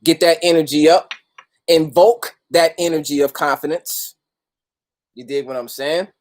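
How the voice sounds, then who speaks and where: A man's voice: a little high, fairly even intonation, measured pace. A man hosting a casual livestream, greeting viewers by name and talking loosely with street slang and plenty of profanity. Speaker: host of a livestream talk.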